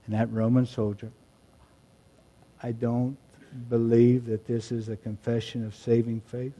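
A man preaching a sermon, moving between quiet reflective passages and loud emphatic shouts. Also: medium pitch, little pitch movement, unhurried. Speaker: pastor.

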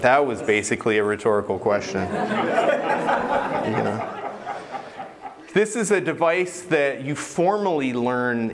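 A man's voice: medium pitch, slight background noise. A man preaching a sermon in a conversational, self-deprecating way, with frequent hesitations. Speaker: pastor.

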